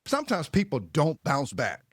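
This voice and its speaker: A man's voice: on the high side, wildly swooping pitch, normal speed, slightly rough, no echo, clean studio sound. A man hosting an interview podcast, reflecting on the guest's stories and affirming them, with occasional laughs. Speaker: podcast host. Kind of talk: interview talk.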